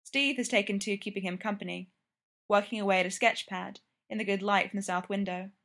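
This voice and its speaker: A woman reading a story aloud in a steady, even narrating voice. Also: medium pitch, fairly quick. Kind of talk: reading fan fiction aloud.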